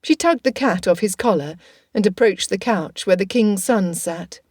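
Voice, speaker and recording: A woman narrating an audiobook in a steady, even reading. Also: medium pitch, moderate pace, no room sound, studio quality.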